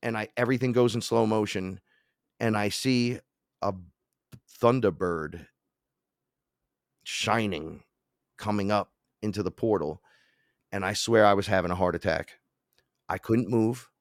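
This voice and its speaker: A middle-aged man, a podcast guest, telling an animated personal story and acting out the voices of the people in it. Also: measured pace, pauses often, dry recording, clean studio sound. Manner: acts out quoted voices, jumps in pitch and loudness.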